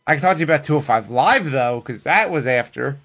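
A man co-hosting a casual podcast, retelling wrestling in a loose, profane, animated way. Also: medium pitch, fast talker. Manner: animated, profane storytelling that acts out the people it quotes. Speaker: podcast co-host recapping wrestling. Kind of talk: casual chat.

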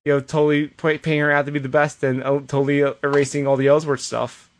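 A man with a slightly raised voice co-hosts a podcast. He talks through wrestling recaps in a loose, animated way and slips into quoted lines and restarts as he goes. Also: a little high, fast talker. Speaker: podcast co-host. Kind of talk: casual wrestling recap chat.

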